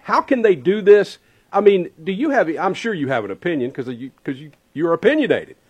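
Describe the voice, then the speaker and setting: A man's voice: sits high, sing-song, brisk, breathy edge. A man co-hosting a morning radio talk show, chatty and joking, laughing easily. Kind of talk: casual morning radio chat.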